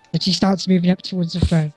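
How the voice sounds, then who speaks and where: A woman's voice: lowish voice, creaky, warm tone, slightly rough, no room sound. A young woman narrating a tabletop game as game master, laughing often and playful.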